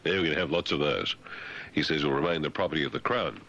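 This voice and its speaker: A deep-voiced male radio host reads the news in a comic way and adds wry, sarcastic asides. His tone is bright and forward. The sound is dull and lo-fi, like an old radio broadcast. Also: fast.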